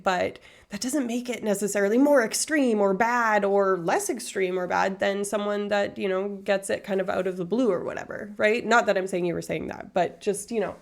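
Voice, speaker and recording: A woman streamer talking casually to her live chat, explaining things earnestly in a rambling way with many fillers. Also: mid-range voice. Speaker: Twitch streamer. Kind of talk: casual livestream chat answering viewers.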